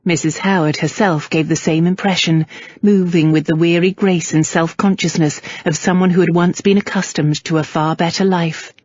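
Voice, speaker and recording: Husky woman narrating an audiobook. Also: fairly low pitch, steady tone, moderate pace, a little mellow, no echo, dull audio. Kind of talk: scripted narration.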